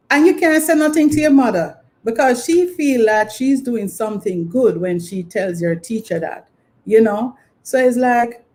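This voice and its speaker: Mellow Jamaican woman reminiscing. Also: high voice. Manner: rambling, filler-heavy storytelling. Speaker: channel host. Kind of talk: casual reminiscing monologue.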